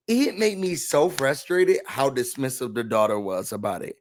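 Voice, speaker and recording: A man hosting a casual reality TV recap, talking in an animated, dramatic way with slangy asides. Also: medium pitch, moderate pace, a little hiss or hum.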